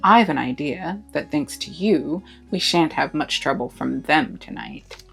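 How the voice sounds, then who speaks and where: Woman doing a calm old badger, low gravelly voice, firm storybook leader. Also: measured pace, faint music behind, exaggerated voice. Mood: plain gruff. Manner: placid and commanding. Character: stout, steady old male badger leader.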